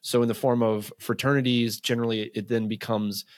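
A man, a men's coach, talking in a casual podcast conversation, telling animated stories full of "like" and acted-out quotes. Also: medium pitch, fairly quick, few pauses, no room sound, studio quality.

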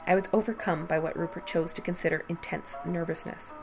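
A woman podcast host reading a Victorian ghost story aloud with measured storytelling. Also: fairly low pitch, fairly even intonation, creaky, music in the background.

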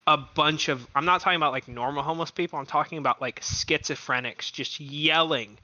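A young man co-hosting a podcast, telling stories in an animated, profane, casual way. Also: on the high side, a little fast. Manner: animated storyteller, heavy swearing. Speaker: podcast co-host. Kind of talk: casual chat. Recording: dull lo-fi sound.

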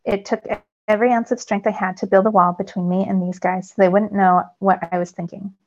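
Gravelly-voiced woman reading a novel aloud. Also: mid-range voice, brisk. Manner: lively storytelling, rising with the action. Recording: dull lo-fi recording.

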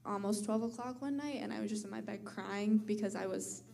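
A woman's voice: medium pitch, creaky, darkish tone. Bubbly teenage girl telling a story. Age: teens. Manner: bubbly, many likes and quick laughs. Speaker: pastor's daughter. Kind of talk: personal storytelling on stage.

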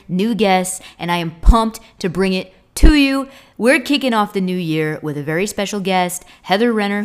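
A woman from Boston hosting a casual podcast interview, chatty and energetic, laughing often. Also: medium pitch. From Boston, US East Coast. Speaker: podcast host.

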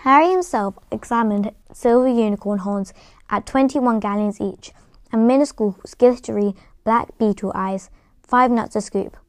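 A woman's voice: on the high side, normal speed, no echo. Woman narrator reading a book aloud; unpolished, occasional restarts, dry close recording. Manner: plain storytelling with occasional stumbles and restarts. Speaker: reader.

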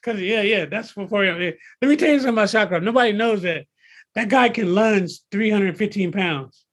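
A personal trainer in his fifties talks fairly quickly in a high voice with a husky edge during a casual interview. He's excitable and emphatic, circling back to repeat his points.

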